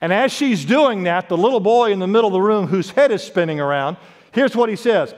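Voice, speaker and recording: A man preaching a sermon as pastor, swinging between loud emphatic lines and quiet drops, quoting scripture. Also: expressive, a little fast. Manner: preaching with sharp swings in pitch and volume, quotes scripture. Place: church sanctuary. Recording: long reverb of a worship hall.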